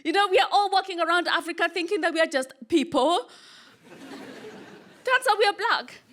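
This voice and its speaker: A woman from Kenya performing a stand-up comedy set on a club stage, with punchy deadpan delivery and pauses for laughs. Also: very high voice.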